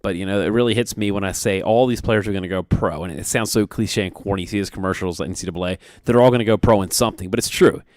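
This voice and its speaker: A man co-hosting a sports talk show on the radio, speaking earnestly and rambling with many fillers. His voice is on the low side and sits dry and close on a studio microphone. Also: fast talker, few pauses, no echo. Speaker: radio sports show co-host and soccer coach.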